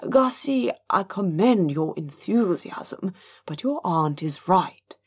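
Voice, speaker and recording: A woman's voice: lowish voice, expressive, takes it slowly, breathy edge, pitched above the performer's own voice, exaggerated voice. A woman reading an audiobook, voicing a dry, sarcastic middle-aged noblewoman.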